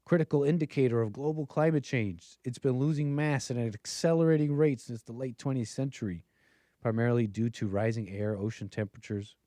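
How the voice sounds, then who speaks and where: Male stream host, casual rambling commentary full of fillers, medium pitch, dry close-mic sound. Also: fairly quick, dark tone, no room sound. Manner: rambling with many fillers and restarts, chuckling asides. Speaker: political commentary livestream host.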